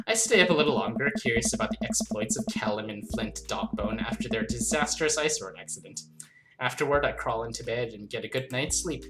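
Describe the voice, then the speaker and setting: A woman's voice: rumbling low, expressive, a little fast. A young woman playing a story game, reading the dialogue aloud in a playful, giggly way and commenting between lines. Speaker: let's play host. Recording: game music under voice.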